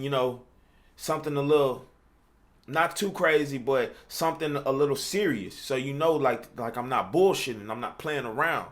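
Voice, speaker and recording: Here a man with a mid-range, fairly bright voice coaches rap, showing casually how he writes verses. He talks loosely, fills gaps with "you know what I'm saying," and demonstrates by rapping.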